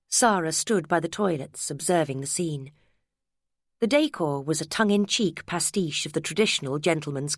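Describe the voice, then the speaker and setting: Woman reading a novel aloud, lowish voice, dry close mic, measured and wry. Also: no echo. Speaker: audiobook narrator. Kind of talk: scripted narration.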